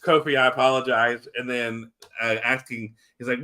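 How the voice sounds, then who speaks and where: A man's voice: medium pitch, level tone, moderate pace, few pauses, bright, forceful tone. A man co-hosting a casual wrestling podcast, rambling with many fillers and restarts. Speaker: podcast co-host.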